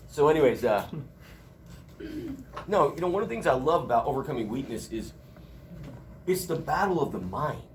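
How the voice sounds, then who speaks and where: Lively joking college instructor, a man. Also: mid-range voice, slight background noise. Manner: animated, joking storyteller. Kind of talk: casual classroom lecture. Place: classroom.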